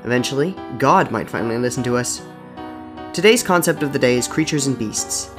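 Man, scripted narration, dry and measured, medium pitch, faint music. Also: animated. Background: soft music.

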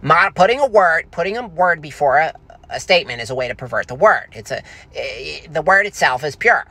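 A man's voice: fairly high pitch, expressive, a little fast, bright, forceful tone. A man arguing heatedly, stumbling and repeating his words as he talks. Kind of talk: heated argument.

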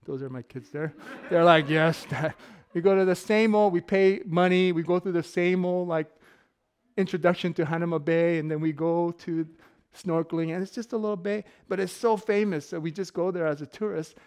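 A man's voice: high voice, steady tone, fairly quick, a little mellow, smooth. A middle-aged man giving a casual sermon full of personal stories, joking and laughing often. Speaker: pastor.

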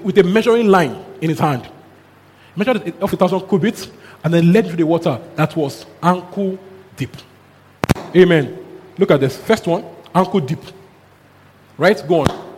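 A man preaches with a fairly high voice, telling stories with animation and chuckling as he goes. His voice rings out in a hall with a long echo. A faint hum sits behind him. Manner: animated storyteller who chuckles and mixes in local exclamations. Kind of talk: sermon with lively storytelling. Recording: long hall reverb, faint background noise.

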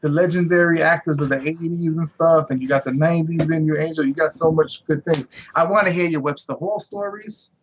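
A man's voice: on the high side, steady tone, fairly quick, hardly any pauses, muffled recording, a little hiss or hum. A man, a podcast guest, chatting and laughing through anecdotes. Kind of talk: casual podcast chat.

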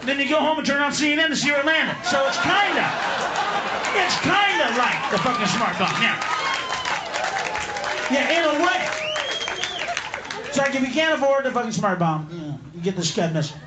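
A man's voice: very high voice, expressive, moderate pace, long pauses, heavy background noise. A man performing a profane, mocking stand-up comedy routine, laughing mid-line, at a live comedy venue. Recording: echoey live room with loud crowd.

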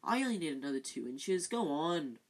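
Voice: mid-range voice, very animated, a little fast. A reader voicing a frantic teenage boy student who grumbles about his homework. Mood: grumbling. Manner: complaining, desperate.

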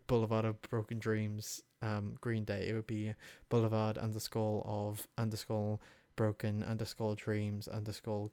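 A man's voice: lowish voice, darkish tone, no echo. Chatty young man, dry sound. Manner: chatty, self-mocking, reciting lyrics half-spoken. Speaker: video host. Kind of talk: casual chat.

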